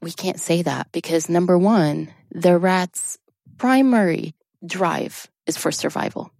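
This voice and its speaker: Woman therapist guest, kinda low voice, dry close sound, explains stuff earnest, laughs easy. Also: takes it slowly, vocal fry, a little mellow, no echo. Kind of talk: casual interview chat.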